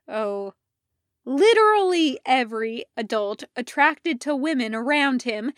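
A woman narrates a fan-fiction audiobook in a fairly high voice, taking her time over each phrase. The recording is close and dry, with almost no echo. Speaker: podfic reader. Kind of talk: unhurried reading of fan fiction.

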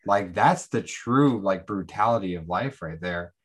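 A man's voice: sits low, measured pace, breathy edge. A man co-hosting a podcast, talking casually and loosely, often saying "like". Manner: casual, relaxed, with filler "like". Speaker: podcast co-host. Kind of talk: conversational discussion.

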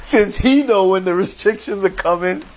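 A man hosts a casual solo podcast, rambling, laughing often, and using plenty of slang and profanity. His voice sits high at a normal speed, with faint background noise in the recording.

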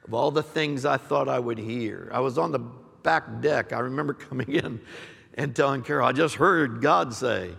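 A man's voice: medium pitch, moderate pace, creaky, a bit bright, breathy edge. A middle-aged male senior pastor preaching a live sermon, building his points through repeated, rising declarations. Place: large church sanctuary. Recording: live recording with long hall reverb.

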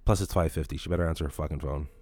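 Deep-voiced profane storytelling man. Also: very fast, no room sound. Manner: profane, rambling, animated. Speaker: podcast host. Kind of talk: casual storytelling.

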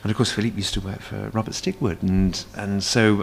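A man's voice: fairly low pitch, level tone, a little fast, creaky, a little hiss or hum. A man, a stage performer, chatting as a guest in a casual cafe interview, rambling with many fillers and restarts.

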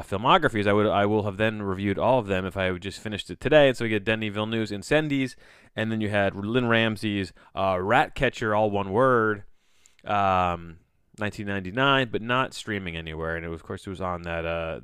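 Recorded at studio quality with no room sound, a man runs his own podcast on a home mic. His voice is on the low side, clear and resonant with a fairly bright tone. The monologue is casual and rambling, and he keeps interrupting himself mid-sentence.

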